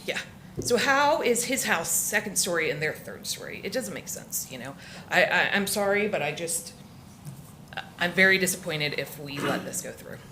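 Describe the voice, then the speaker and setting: Woman from Florida, resident comment, emotional and halting, faint hiss behind. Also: on the low side, expressive, sharp tone. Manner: emotional, halting, many restarts. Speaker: resident speaking at public comment. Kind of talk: public comment at a council meeting.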